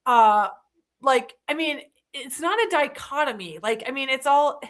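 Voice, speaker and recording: A woman with a high, light voice hosts a relaxed conversation about faith. She talks in bursts of animation, slipping into quick voices for the people she quotes. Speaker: host. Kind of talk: casual faith chat.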